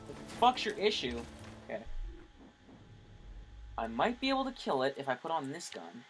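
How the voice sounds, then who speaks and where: A young man commenting on his own gameplay, frustrated, swearing a lot and yelling at enemies. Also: a little high, big pitch swings, moderate pace, long pauses, soft background music.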